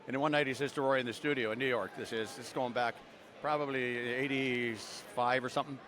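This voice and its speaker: A man's voice: medium pitch, steady tone, quick pace, a bit bright. An older man from Canada tells long stories in a casual, meandering way, circling back with fillers and half-finished sentences. His voice sits in an ordinary middle register. He is recorded outdoors amid a convention crowd. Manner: rambling anecdotes with many fillers and restarts. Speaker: voice actor guest. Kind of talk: casual storytelling interview.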